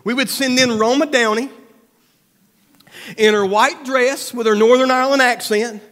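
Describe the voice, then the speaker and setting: Male pastor, high voice, animated sermon delivery, reverberant church hall. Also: normal speed. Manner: animated preaching, acts out voices of doubt and prayer; drops to a soft, low voice for serious points. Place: church sanctuary.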